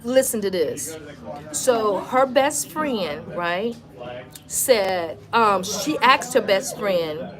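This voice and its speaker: A woman's voice: medium pitch, lively intonation, very slow, a crowd in the background. A woman vlogger chatting casually on a live stream, talking straight to her viewers in an emphatic, conversational way. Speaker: wellness vlogger.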